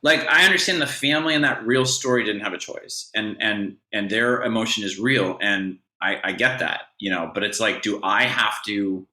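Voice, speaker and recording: A man's voice: on the low side, moderate pace, hardly any pauses, pushed and bright, roomy sound. A man co-hosting a podcast in casual chat, earnest and practical, with many hesitations and restarts. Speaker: podcast co-host.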